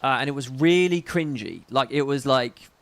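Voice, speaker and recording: A man's voice: medium pitch, moderate pace. A man hosting a casual livestream, chatting in a rambling, profane way with frequent asides. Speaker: livestream host.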